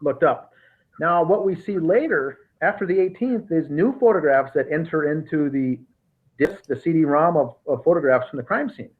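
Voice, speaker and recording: A podcast host, male, fairly high-pitched, keeps a moderate pace while methodically recounting a case with frequent restarts. The tone is casual and investigative, and the sound comes through a tinny, phone-like line.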